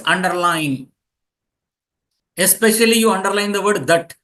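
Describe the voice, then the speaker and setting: A man teaching a class, explaining slowly and repeating key phrases for students taking notes. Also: high-pitched, steady tone, sharp tone. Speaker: yoga teacher. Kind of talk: classroom lecture.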